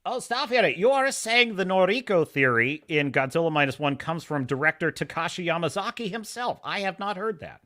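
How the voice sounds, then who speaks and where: A man hosting a live stream, talking in a sarcastic, animated way and reading chat messages aloud. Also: sits high, moderate pace, few pauses. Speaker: podcast host.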